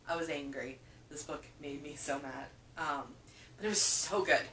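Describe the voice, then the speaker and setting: A woman chats about what she has been reading in a loose, emphatic way, leaning on repeated words for stress. Her voice sits slightly low. She is picked up from some distance by a camera mic in an echoey room with a faint hum. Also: animated, a little slow, bright, forceful tone. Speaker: book reviewer. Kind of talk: casual reading wrap-up chat. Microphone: camera microphone.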